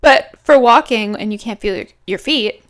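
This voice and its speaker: A woman's voice: a little high, moderate pace. A woman in her twenties co-hosting a podcast in casual chat, often chiming in with short agreements. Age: 20s. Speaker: podcast co-host.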